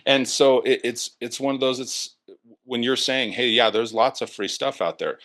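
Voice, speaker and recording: A man's voice: medium pitch, normal speed. A man, a guest in an interview, telling a sales story in a casual way and acting out the people in it. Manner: animated, acts out quoted dialogue.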